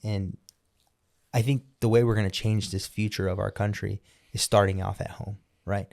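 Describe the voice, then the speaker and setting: A man's voice: fairly low pitch, fairly even intonation, normal speed, vocal fry, darkish tone. A man hosting a podcast interview, talking in a casual, emphatic and opinionated way, often restarting his sentences. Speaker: podcast host.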